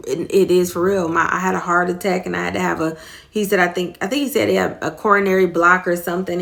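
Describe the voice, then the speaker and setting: Middle-aged woman host, lowish voice, earnest and rambling, retelling a story in casual faith talk. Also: a bit bright. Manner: rambling, earnest, many fillers.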